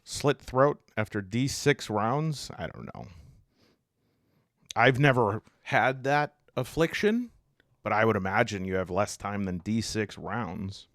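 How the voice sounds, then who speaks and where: A man rambles through an unboxing, his pitch leaping up and down as he grows exasperated. He restarts his sentences often and talks casually, straight to the viewer. The sound is dry and close, with no room echo. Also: animated, slow pace, fairly bright tone. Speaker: tabletop game reviewer.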